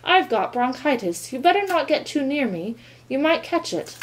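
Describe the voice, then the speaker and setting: A woman's voice: high-pitched, sing-song, normal speed, pitched above the performer's own voice. A woman voicing a small, earnest boy mouse in a read-aloud storybook, eager and anxious.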